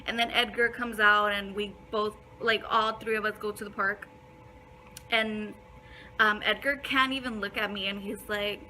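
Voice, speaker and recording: A woman's voice: a little high, fairly even intonation, moderate pace, pushed and bright, a little hiss or hum, rough recording. A young woman telling a casual storytime in a blunt way, swearing a lot and filling her talk with "like". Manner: blunt, heavy swearing, many fillers. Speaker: vlogger.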